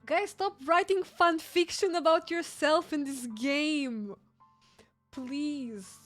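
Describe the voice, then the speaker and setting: A woman's voice: high-pitched, fairly even intonation, slow, a bit bright, soft background music. A woman streamer reacting to a game and pleading with her chat, often laughing and exasperated. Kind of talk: live game commentary.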